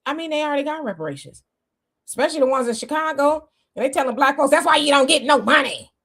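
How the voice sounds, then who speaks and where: A woman's voice: sits high, expressive, fast talker, fairly bright tone. A woman co-hosting a casual political livestream, reading viewer comments aloud and reacting heatedly. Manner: heated, exclamatory, talks to viewers as y'all.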